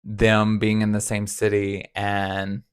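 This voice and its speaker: A man's voice: lowish voice, monotone, slow pace, clean tone. A man co-hosting a casual review chat, recapping scenes in a rambling way and hedging with "like". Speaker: co-host reviewing a TV series.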